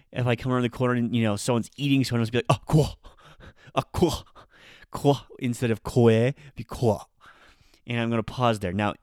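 A man's voice: on the low side, darkish tone, clean tone, no room sound, studio quality. Upbeat man hosting a language podcast. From Nebraska, USA. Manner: chatty, upbeat, acts out slang exclamations. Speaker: podcast host, Japanese teacher. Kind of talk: casual podcast lesson.

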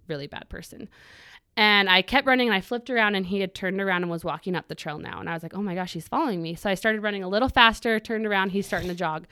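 As a guest on an interview podcast, a woman tells a personal story in detail, acting out her own past thoughts and blending earnestness with bits of humor. Her medium-pitched voice is fairly bright and smooth, and the recording is dry.

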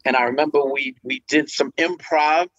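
A middle-aged man casually telling an anecdote as a guest, animated and acting out quotes with jumps in pitch. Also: normal speed, highs cut off, a little hiss or hum. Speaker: guest storyteller.

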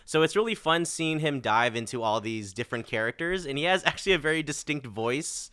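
Casual male co-host, crisp and bright, dry close sound, rambling. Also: on the high side, lively intonation, brisk, no echo. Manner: rambling, chatty with fillers. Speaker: podcast co-host. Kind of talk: casual chat.

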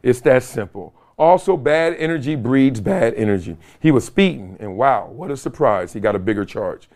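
A middle-aged man hosting his own show, chatting casually and reading viewer comments, cocky and quick to laugh. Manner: animated, cocky, laughing often, swings from loud to low. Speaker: show host.

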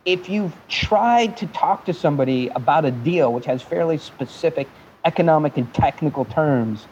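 High-ish voiced guy telling a funny pitch story, swears a lot, muffled lo-fi sound. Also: slight background noise. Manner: animated, joking, profane, jumps between mimicked accents. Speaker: guest. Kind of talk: animated storytelling in a podcast interview.

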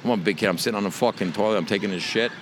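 A man's voice: fairly low pitch, racing. A middle-aged man from the Bronx with a New York accent, telling a rambling, profane story as a guest. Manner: rambling and profane, many restarts. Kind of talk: casual storytelling. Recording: noisy background.

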